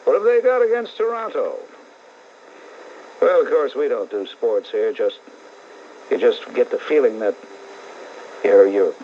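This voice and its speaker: A man's voice: mid-range voice, a little hiss or hum. A middle-aged man with a New York accent hosting a call-in talk radio show, blunt and sarcastic, ranting at callers and listeners. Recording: muffled old AM radio tape.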